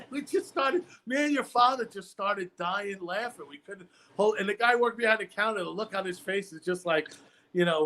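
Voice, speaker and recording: A male comedian with a higher-than-usual voice spins rambling stories, building to punchlines in a stand-up manner. His delivery is loose and conversational. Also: moderate pace, sharp tone. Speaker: comedian guest. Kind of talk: stand-up style chat.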